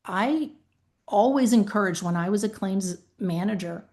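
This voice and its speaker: An emphatic woman with a Southern US accent, talking on a podcast in a middle-pitched voice. She tells stories from her work and acts out phone calls, switching into quoted voices. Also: a little slow, a little mellow. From American South. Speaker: podcast co-host, former claims manager. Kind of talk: casual podcast chat.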